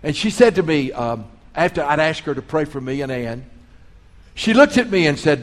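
Earnest preacher in a hall. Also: male voice, fairly high pitch, big pitch swings, normal speed. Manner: earnest, storytelling preacher, swells in volume on key phrases. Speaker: pastor. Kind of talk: sermon. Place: large hall, school auditorium. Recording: long echo of a large hall.

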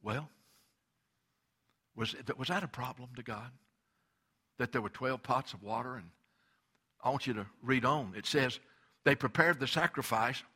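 A man preaching a sermon as pastor, going from quiet explanation to loud, impassioned preaching. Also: mid-range voice, moderate pace, long pauses, breathy edge.

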